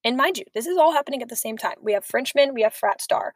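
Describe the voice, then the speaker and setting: A young woman co-hosting a podcast, telling stories in a chatty, animated way. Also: on the high side, fast, no echo. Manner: chatty, storytelling, animated asides. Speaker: podcast co-host. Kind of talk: casual chat.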